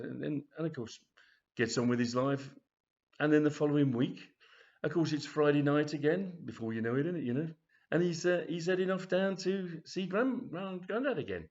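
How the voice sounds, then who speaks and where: A man's voice: a little high, moderate pace, darkish tone. Guy rambling through his funny story, lo-fi sound. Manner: rambling, chatty, many restarts. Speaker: author. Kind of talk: reading his own comic story. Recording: dull lo-fi recording.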